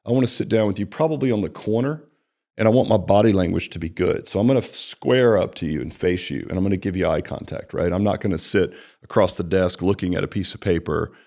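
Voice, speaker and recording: A man with a lowish voice coaches staff on the sales conversation in an easy, talky way. He acts out both sides of the client meeting with animated shifts and keeps checking in with a quick "right?". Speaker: personal training franchise executive. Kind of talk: conversational sales training talk.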